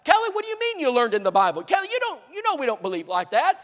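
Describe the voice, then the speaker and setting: A man voicing an angry middle-aged mother who scolds her daughter in high, loud, sputtering outrage. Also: huge pitch swings, rapid-fire, big-room sound, full character voice. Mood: outraged.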